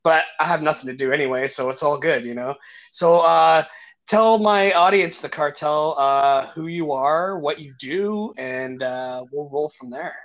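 A man's voice: a little high, a little slow, a bit bright. A man hosting a podcast, chatting casually and loosely, calling his guest brother and man. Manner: laid-back, swears and says man and brother. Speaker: podcast host.

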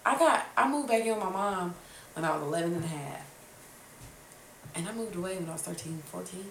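Woman in her 20s, podcast host, animated storyteller, swears freely, roomy room, distant mic. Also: on the low side, fairly quick. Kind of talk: casual chat. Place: room at a kitchen table. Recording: roomy sound, from far off the mic, faint noise.

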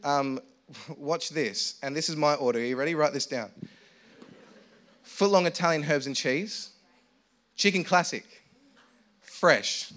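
A man's voice: on the high side, a little slow, long pauses, fairly bright tone. Playful young preacher man. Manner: playful, self-mocking, chatty with the audience. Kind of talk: humorous sermon story.

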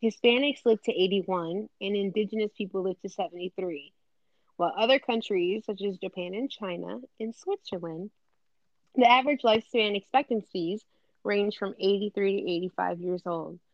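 A woman's voice: medium pitch, moderate pace, dry recording. Emphatic woman podcast co-host. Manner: animated, emphatic, reads out statistics. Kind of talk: casual chat. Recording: dry, slightly dull recording.

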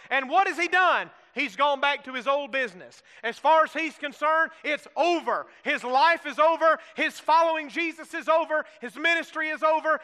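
A pastor with a very high-pitched, bright, forceful voice preaches a sermon full of folksy humor, prompting the congregation to repeat phrases in call-and-response and acting out the disciples' lines. The recording carries a long hall reverb.

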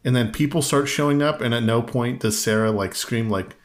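A podcast co-host with a mid-range voice talks fairly quickly in a casual movie review chat. He retells scenes with wry humor and mocks the voices he quotes.

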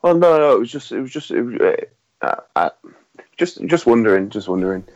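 A man's voice: medium pitch, big pitch swings, a little fast, a little mellow. A man playing a tabletop game, making tentative guesses and trailing off. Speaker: player. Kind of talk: casual tabletop game chat. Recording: dull lo-fi sound.

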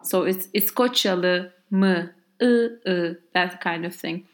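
Woman, Turkish native speaker, language teacher, slow and patient, explains grammar step by step. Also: lowish voice. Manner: patient, methodical, slowly spelling out examples.

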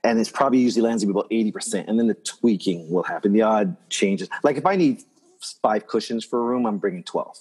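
Fast-talking husky man telling stories. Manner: animated storyteller, acts out quoted voices in a high pitch. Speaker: interior designer guest. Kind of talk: casual conversation.

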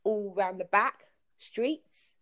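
Brief: woman, storytelling guest on a call-in podcast, animated, plays out dialogue. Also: mid-range voice, takes it slowly. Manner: animated storyteller, acts out quotes. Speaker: guest telling travel stories. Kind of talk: casual podcast chat.

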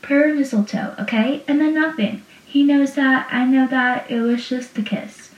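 A woman's voice: high voice, steady tone, moderate pace, reverberant, distant mic, highs cut off, pitched above the performer's own voice, close to an everyday voice. Woman quoting a defensive young woman.

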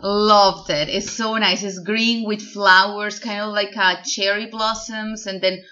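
A woman's voice: mid-range voice, flat delivery, measured pace, sharp tone, lo-fi sound. A woman chatting casually about a film, adding details and backing up her co-host with short agreements. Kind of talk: casual film review chat.

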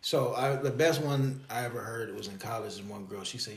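A man in his thirties, a podcast co-host in casual chat, telling stories with jokes and a deadpan streak. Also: mid-range voice, fairly quick, slight background noise. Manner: animated, joking storyteller with a deadpan streak. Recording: echoey room.

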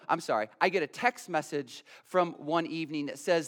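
Pastor, male, high and bright voice, animated sermon storyteller who stumbles over his words. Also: normal speed, few pauses. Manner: animated, stammering repeats of words, building excitement.

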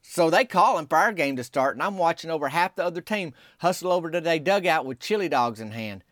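A man, telling a folksy comic story in a drawling, deadpan small-town voice. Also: on the high side, a little fast, few pauses, dry recording, clean studio sound. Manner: drawling Southern-style rural dialect, deadpan storytelling. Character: small-town softball player telling his tale.

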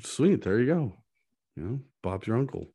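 A man's voice: mid-range voice, very animated, moderate pace, mellow, husky. A man co-hosting a podcast in casual chat, joking and laughing often and swearing freely. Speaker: podcast co-host.

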